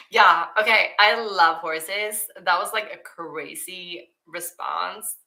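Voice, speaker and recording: A woman's voice: lowish voice, drawn-out words, creaky, bright, forceful tone, rough recording. A young woman with a Swedish accent answering viewer questions in a casual, emotional chat, often laughing and filled with "like" and "um". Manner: emotional, giggly, many likes and ums.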